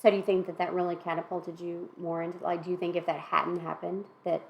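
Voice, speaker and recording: A woman hosting a candid talk with her younger sister, asking questions gently and backing her up with frequent soft murmurs of agreement. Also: lowish voice, flat delivery, fast talker, gravelly, dull audio, a little hiss or hum. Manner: gentle, supportive, many mm-hmms. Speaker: host, older sister interviewing. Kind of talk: conversational interview.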